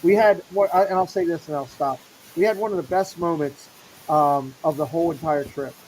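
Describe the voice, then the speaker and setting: A man's voice: fairly high pitch, brisk, a little mellow, slight background noise, low-quality recording. A middle-aged man hosting a casual show, animatedly acting out the people in his story. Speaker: show host.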